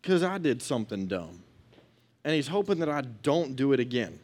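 A man's voice: medium pitch, normal speed. A young adult man giving a casual, story-driven sermon as a pastor, moving from a funny anecdote into exhortation. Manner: storytelling, animated and conversational.

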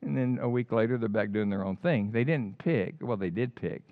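An older man preaching a sermon in an animated storytelling way, with casual slang. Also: lowish voice, normal speed, dry recording. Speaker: pastor. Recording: dull lo-fi dry recording.

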